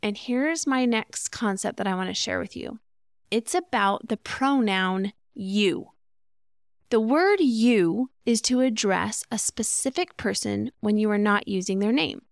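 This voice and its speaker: On her relationship podcast, a woman speaks in a mid-range, gravelly, expressive voice without hurrying. The studio-quality recording has no room sound. Her monologue is earnest and teaching in tone, with occasional sample phrases acted out.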